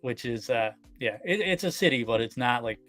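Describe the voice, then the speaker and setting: A man's voice: medium pitch, lively intonation, moderate pace, fairly bright tone, soft background music. A man from Newfoundland chatting as a guest on a live stream, easygoing and chuckly, with lots of filler words. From Newfoundland, Canada. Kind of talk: casual live chat.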